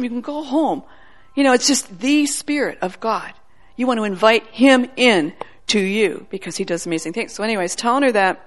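A woman from the Chicago area, preaching and telling a personal testimony story in an animated, laughing way. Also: medium pitch. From Chicago area, USA.

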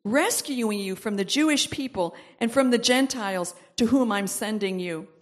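A woman's voice: a little high, normal speed. A woman preaching a sermon, reading scripture aloud with asides, then building to emphatic repeated exhortations. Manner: reads verses aloud, breaks off with asides and laughs.

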